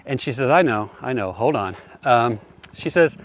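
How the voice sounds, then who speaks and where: A man of middling pitch gives heartfelt marriage advice. He talks straight to the listener in a steady, earnest way, circling back over his points and calling the listener brother. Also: measured pace, a little hiss or hum. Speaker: marriage coach. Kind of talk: direct-to-camera advice talk.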